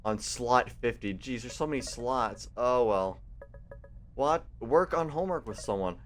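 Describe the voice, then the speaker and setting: A man's voice: mid-range voice, a little slow, faint music behind. A man reading a visual novel aloud as a let's play, with playful, rambling asides.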